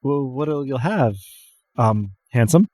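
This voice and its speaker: A man's voice: mid-range voice, animated, slow, dark tone, no room sound, voice pushed up. A man voicing a flamboyant, doting male bartender in a tabletop game, theatrical and fond. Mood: flustered. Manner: theatrical, doting, calls everyone darling.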